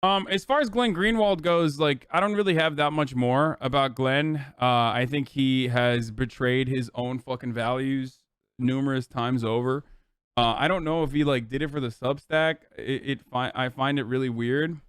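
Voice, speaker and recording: A man's voice: mid-range voice, moderate pace, a bit bright, clean tone, dry recording. A man livestreaming political commentary, ranting in a heated, profane, exasperated way.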